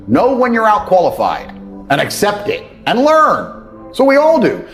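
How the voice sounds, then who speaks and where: A man's voice: high-pitched, very animated, normal speed. A man, ranting bluntly and profanely in a motivational talk, scornful of others. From England. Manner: profane, scornful, mocks others in put-on voices. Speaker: motivational speaker. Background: faint background music.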